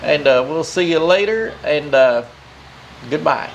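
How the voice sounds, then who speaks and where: A man's voice: on the high side, lively intonation, a little slow, creaky. A man hosting a tool review channel, talking in a casual, rambling, crude joking way.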